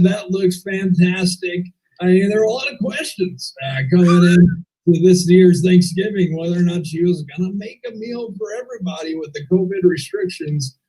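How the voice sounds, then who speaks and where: A man's voice: sits high, darkish tone, far from the mic, lightly acted, rough recording. A man doing a gushing football commentator impression. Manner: effusive, folksy, rambling praise. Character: gushing middle-aged male football commentator.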